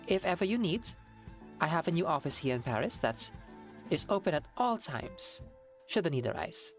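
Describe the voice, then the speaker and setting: A woman voicing a formal, courteous woman in a fan game dub, speaking softly and in a measured way. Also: fairly low pitch, big pitch swings, faint music behind, pitched below the performer's own voice. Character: poised, courteous woman client paying a cab fare.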